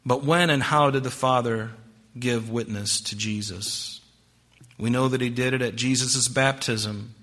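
A man preaching a sermon with a bright, forceful tone. He reads scripture aloud, presses key words hard, then drops to a hush. The delivery stays expository and earnest. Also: mid-range voice, unhurried. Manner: swings between emphatic rises and hushed drops. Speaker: pastor.

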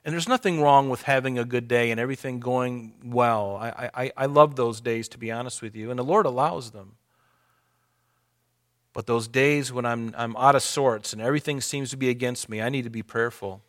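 A man preaching a sermon in an earnest, conversational way, slowing and lifting his voice when reading scripture aloud. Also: medium pitch. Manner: conversational asides to the congregation. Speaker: pastor.

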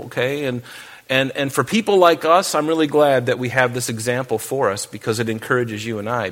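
A man teaching verse by verse in a conversational sermon, with joking asides and slow, deliberate reading of scripture. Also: medium pitch, a bit bright. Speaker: pastor.

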